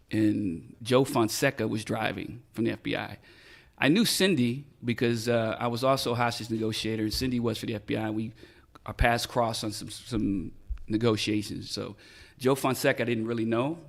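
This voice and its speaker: This middle-aged retired police detective, a podcast interview guest, has a creaky mid-range voice at a normal pace. He tells his story casually, swearing freely and animatedly acting out the quoted dialogue.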